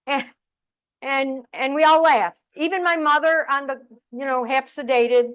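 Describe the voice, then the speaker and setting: A woman's voice: fairly high pitch, moderate pace. A middle-aged woman giving a humorous keynote talk at a live event. She tells stories animatedly and acts out the voices of family members. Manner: animated, comic storytelling with acted-out quotes.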